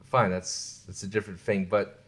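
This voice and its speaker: A man hosting a solo podcast, ranting with lots of swearing, frequent laughter and hushed asides. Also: fairly low pitch, flat delivery, normal speed, husky. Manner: profane, ranting, laughs often. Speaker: podcast host.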